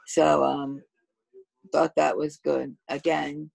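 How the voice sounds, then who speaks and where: A hoarse woman co-hosting a casual chat podcast, her voice low-set and gravelly with a husky edge. She talks slowly in halting bits, close and dry on the mic. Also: little pitch movement, darkish tone, no echo, poor audio. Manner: slow, halting delivery with many pauses. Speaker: podcast co-host.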